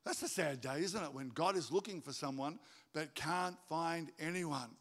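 A man preaching a sermon to his congregation, animated and jokey, acting out stories in high voices. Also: moderate pace. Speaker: pastor. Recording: reverberant hall.

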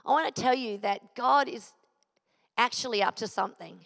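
A woman's voice: on the high side, moderate pace, vocal fry, a bit bright. A middle-aged woman giving an earnest sermon, sharing a personal testimony and driving her points home with repeated phrases. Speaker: preacher. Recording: long hall reverb.

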